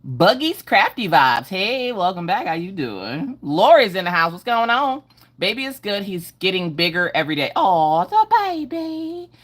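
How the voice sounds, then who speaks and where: Middle-aged lady live streaming from home, slightly low voice, bouncy sing-song hellos to chat. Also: very animated, moderate pace, a bit bright. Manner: upbeat, sing-song greetings. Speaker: livestream host. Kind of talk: casual livestream chat greeting viewers.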